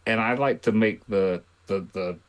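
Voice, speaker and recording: A man's voice: lowish voice, unhurried, highs cut off. A middle-aged man co-hosting a casual chat show, rambling with many restarts. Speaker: podcast co-host.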